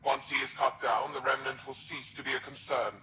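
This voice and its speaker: An actor playing a scheming alien traitor who speaks in a solemn, measured way. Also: male voice, medium pitch, little pitch movement, background noise, close to an everyday voice. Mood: cold solemn. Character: scheming alien Kett traitor, cold and formal. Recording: echoey game audio over loud music.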